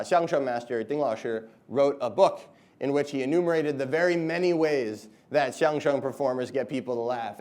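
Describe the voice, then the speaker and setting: A man's voice: medium pitch, a little mellow. A man, a comedian, giving a chatty, upbeat talk to students, with many "like"s and "you know"s. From United States. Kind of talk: casual lively presentation.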